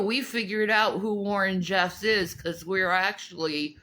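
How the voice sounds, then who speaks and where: A woman's voice: mid-range voice, fairly even intonation, unhurried, bright, forceful tone. A woman from North Carolina co-hosting a podcast in casual chat, blunt and swearing freely. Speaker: podcast co-host.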